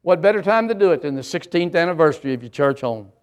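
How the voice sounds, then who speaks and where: A man's voice: on the high side, expressive, fast talker. An older man, a pastor, preaching a sermon with an emphatic, repetitive cadence.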